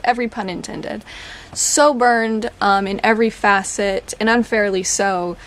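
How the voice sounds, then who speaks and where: A woman, talking candidly as a podcast host, chatty and laughing through dark jokes. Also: medium pitch, fairly even intonation, measured pace. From Oklahoma. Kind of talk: casual personal talk.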